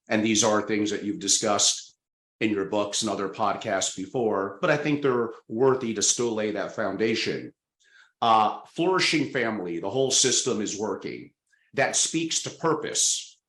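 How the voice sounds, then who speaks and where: A man's voice: lowish voice, a bit bright. A man hosting an interview, posing structured questions in an appreciative way. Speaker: interview host. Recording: roomy echo.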